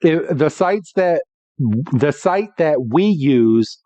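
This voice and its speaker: A man's voice: fairly high pitch, slow pace, warm tone, no echo. A man hosting a podcast, casually recapping an episode in a rambling way with many restarts. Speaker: podcast host. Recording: dull dry lo-fi.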